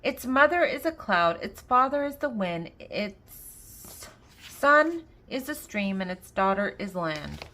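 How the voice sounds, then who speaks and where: An older woman reads riddles from a children's joke book and then answers them, laughing at her own jokes. She speaks slowly in a mid-range voice with big pitch swings and a sharp tone.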